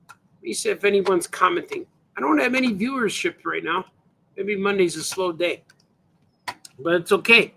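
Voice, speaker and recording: His voice sits high, pushed and bright with vocal fry and a breathy edge, at a normal speed. This cartoonist rambles easily on a livestream as he shows his comic pages, saying "hey, man" a lot.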